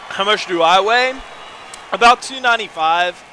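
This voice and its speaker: A high-pitched, bright, forceful voice at normal speed marks this gaming stream, with slight background noise present. The streamer chats and rambles casually, reading his viewers' messages aloud.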